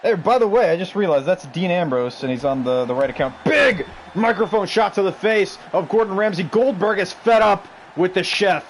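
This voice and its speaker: A man's voice: sits high, lively intonation, normal speed, few pauses, a little hiss or hum, poor audio. A man streaming a wrestling video game, calling the action in a bombastic mock announcer voice and bantering with the chat.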